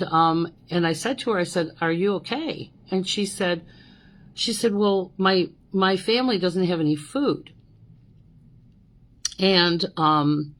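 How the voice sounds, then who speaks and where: Low-voiced woman doing her podcast, middle-aged, animated storytelling, keeps saying okay and you know. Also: poor audio. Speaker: podcast host. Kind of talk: casual storytelling monologue.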